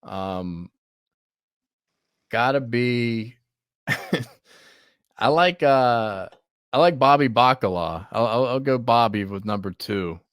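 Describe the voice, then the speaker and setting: A male podcast host in easygoing chat, laughing often and cursing freely. His voice sits in an ordinary middle pitch and comes across smooth and clear. The recording is close and dry, with almost no room sound. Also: animated, slow pace, pauses often, dry recording. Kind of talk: casual chat.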